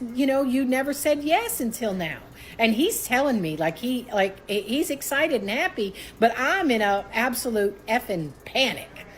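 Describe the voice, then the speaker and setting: A woman, telling a personal story casually and acting out what each person said. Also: slight background noise. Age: 60s. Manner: animated, acts out quoted voices with rising pitch.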